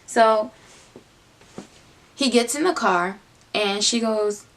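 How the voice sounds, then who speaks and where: A young woman telling a casual personal story, animated, dropping into low muttered asides. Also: takes it slowly. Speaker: vlogger.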